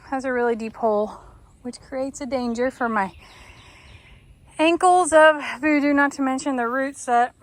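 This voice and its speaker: With a high voice at normal speed, a woman who keeps horses vlogs while working around the farm. She mutters to herself and throws playful comments to her audience.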